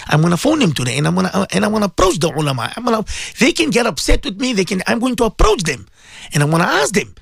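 A man's voice: sits high, very animated, fast talker, gravelly, slightly rough, no room sound. A man, a cleric hosting a radio show, speaks with emotion and keeps repeating rhetorical questions to his listeners. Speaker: radio host and Muslim cleric. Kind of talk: impassioned radio talk.

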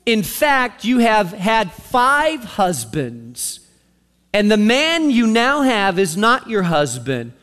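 A man as a calm, patient teacher. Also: high voice, slow pace, heavily acted. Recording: long reverb of a large hall.

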